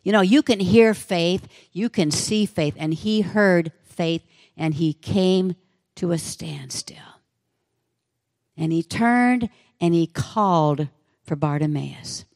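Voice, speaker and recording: Woman preacher, slow and dramatic storytelling sermon, dry close sound. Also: lowish voice, darkish tone, no echo.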